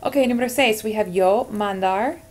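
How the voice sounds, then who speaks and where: A woman's voice: medium pitch, brisk. A woman teaching Spanish verb endings in a screencast lesson, encouraging and talking her students through each answer as she types. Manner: encouraging, talks through typing.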